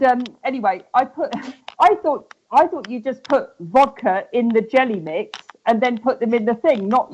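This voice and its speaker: A woman's voice: fairly high pitch, a little mellow, highs cut off, a little hiss or hum. A woman in her forties telling a party story in casual chat, laughing and hesitant. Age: 40s.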